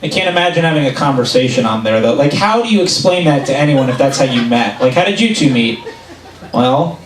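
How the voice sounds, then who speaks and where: A man performing a stand-up comedy set, telling stories in an animated way and acting out what people said. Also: medium pitch, fast talker, slight background noise. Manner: animated storytelling, acts out quotes. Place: club stage before a laughing audience. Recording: roomy live club recording, mic at a distance.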